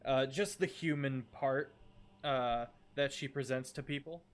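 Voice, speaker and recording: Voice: mid-range voice, measured pace. A game master narrating a streamed tabletop game, with hesitant fillers and frequent laughter.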